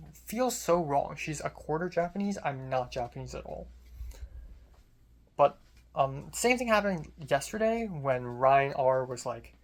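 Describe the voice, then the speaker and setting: A young adult student filmmaker telling a casual vlog story in a rambling way, full of fillers and restarts. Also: mid-range voice.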